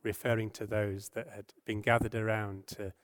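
A man preaching a sermon, earnest and gentle, asking rhetorical questions and dropping his voice and slowing down when he quotes scripture. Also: on the low side, flat delivery. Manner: softens and slows when quoting scripture.

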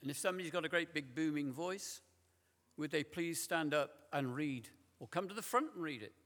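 A man preaching a sermon in a church, slow and deliberate, repeating key words for emphasis. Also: fairly high pitch, fairly bright tone. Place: large church. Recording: long church reverb.

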